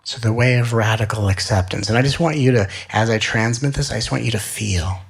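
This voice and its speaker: A man giving a spiritual talk, gentle and soothing, with slow repeated phrases. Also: mid-range voice, gravelly, husky. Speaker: spiritual teacher.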